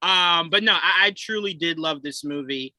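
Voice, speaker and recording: Bright, fairly high male co-host; lively, expressive, dry close-mic sound. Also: normal speed, no room sound, poor audio. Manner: animated, acts out characters' lines with pitch jumps. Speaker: podcast co-host. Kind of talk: casual film review chat.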